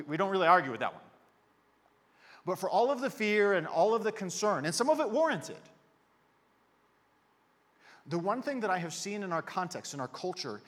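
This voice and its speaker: A man in his thirties preaching a sermon in a conversational, joking way with lively emphasis. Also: fairly high pitch. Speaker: pastor. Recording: echoey hall reverb.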